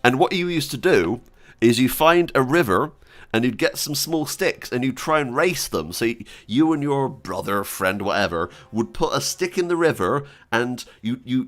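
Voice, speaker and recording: A young man chatting casually and excitedly as a streamer, joking and giggling between wishes. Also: medium pitch, moderate pace. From Britain. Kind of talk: casual gaming chat.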